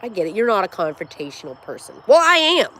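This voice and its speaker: Blunt, lively-voiced woman in her forties. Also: mid-range voice, quick pace. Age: 40s. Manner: blunt and profane; animated storyteller. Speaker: livestream host. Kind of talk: casual livestream chat.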